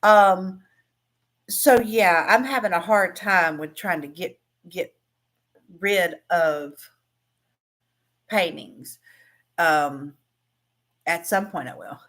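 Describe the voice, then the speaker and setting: A woman's voice: on the low side, takes it slowly, pauses often, a bit bright. A woman, hosting a casual livestream, chatting with viewers about crafting, laughing often and trailing off into restarts. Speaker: craft livestream host and teacher. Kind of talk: casual livestream chat reading comments.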